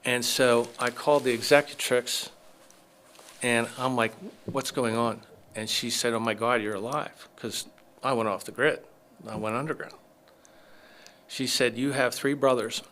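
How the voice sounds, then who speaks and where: A middle-aged man with a bright, forward voice at an ordinary pitch, telling a long story in a podcast interview. He acts out what others said to him, lively and conversational. Faint noise sits under the recording. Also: measured pace. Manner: animated storyteller acting out quoted dialogue. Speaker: chiropractor, podcast guest.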